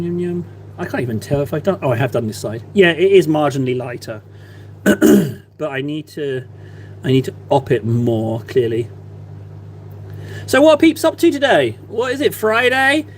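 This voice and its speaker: A man's voice: mid-range voice, darkish tone, a little hiss or hum. A man chatting casually on a live stream while he paints models, playful and teasing with his viewers. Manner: playful, teasing, mock-innocent banter with chat. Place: at a desk, painting.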